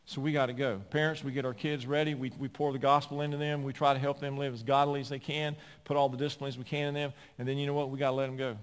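A man preaching a sermon as a pastor, animated and climbing at times to near-shouting. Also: mid-range voice, quick pace, hardly any pauses, smooth. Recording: long hall reverb.

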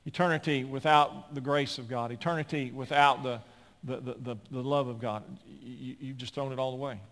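A man's voice: mid-range voice, steady tone, moderate pace. Fiery preacher man in a reverberant hall. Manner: emphatic preaching that builds toward near-shouting; folksy asides and repeated words. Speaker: pastor. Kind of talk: sermon. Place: church sanctuary. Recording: long reverb of a large hall.

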